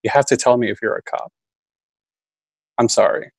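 A man's voice: medium pitch, steady tone, racing, breathy edge, no room sound, poor audio. A man reading his own list poem aloud at a student reading, understated and dry. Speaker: MFA student reader.

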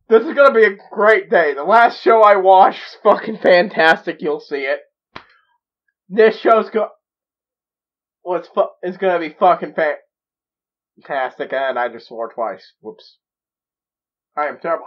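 A man's voice: high voice, expressive, normal speed, long pauses, muffled recording. A man hosting a reaction video, talking in a giddy, rambling way full of stammered restarts. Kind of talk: excited reaction commentary.

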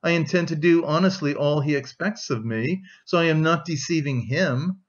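A man's voice: a little high, normal speed, dull audio, natural voice. A man reading an audiobook, voicing a proud young woman who speaks firmly and dryly. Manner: firm, dry, cool.

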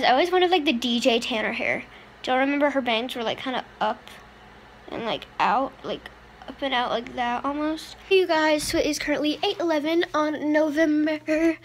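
Chatty high-voiced young woman vlogging. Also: slight background noise. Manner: chatty, scattered, says she is tired. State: hiccups. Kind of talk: casual vlog chat to camera.

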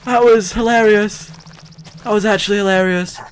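A man's voice: sits high, steady tone, slight background noise. A man hosting a casual multiplayer game video, joking around playfully with a friend. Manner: joking, playful, quick to laugh. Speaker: gaming channel host. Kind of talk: casual gaming commentary.

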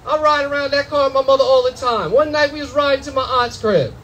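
High-voiced animated stand-up comic. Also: male voice, fast, slight background noise, low-quality recording. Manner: loud, animated storytelling with profanity and acted-out voices. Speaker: stand-up comedian. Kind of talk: stand-up comedy set. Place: comedy club.

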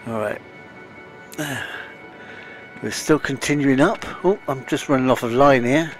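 A man's voice: medium pitch, a little slow. A man giving casual let's-play commentary, chatty and talking to himself with sighs, a little out of breath. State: slightly out of breath. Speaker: game streamer. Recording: faint game music behind.

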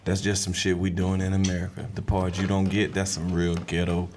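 Low-voiced man hosting a comedy podcast. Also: completely flat delivery, fairly quick, slight background noise. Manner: crude, loose shout-outs. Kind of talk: casual comedic chat.

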